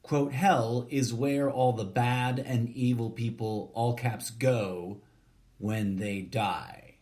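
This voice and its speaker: A man reading a short story aloud in a deadpan, measured way, even speaking the punctuation and formatting. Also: medium pitch.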